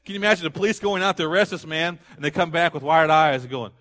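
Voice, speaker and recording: A man preaching a sermon, animated, asking the congregation to fill in words and acting out the people in the story. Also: fairly high pitch, quick pace. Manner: animated, acts out quoted voices, rising to loud exclamations; asks the audience questions and lets them fill in words. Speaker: pastor.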